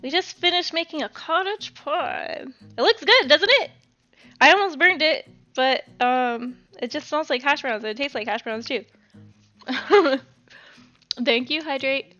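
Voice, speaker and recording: Bright, giggly young woman streaming. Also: high-pitched, a little slow, highs cut off. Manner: giggly, chatty, reads chat aloud, swears casually. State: out of breath. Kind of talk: casual live-stream chat while cooking.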